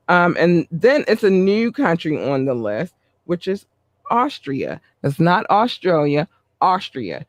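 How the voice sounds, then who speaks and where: A man hosting a podcast, reading listener shout-outs in a chatty way with running asides. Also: a little high, no echo. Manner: warm, chatty, reads a list with asides. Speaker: podcast host.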